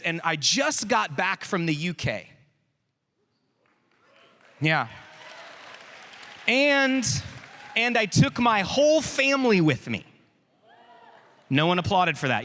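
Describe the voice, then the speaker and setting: A man with a Texan accent giving an energetic youth conference talk, drawing out words and calling out to the crowd. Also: high-pitched. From Texas. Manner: animated, draws out words for emphasis, calls out to the crowd. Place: large hall. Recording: long hall reverb from a big venue.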